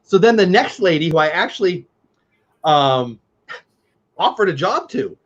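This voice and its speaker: A man's voice: high-pitched, a little slow. Blunt storytelling man, lo-fi sound. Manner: blunt, animated storytelling with quoted voices. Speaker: co-host. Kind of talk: casual chat. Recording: dull lo-fi sound.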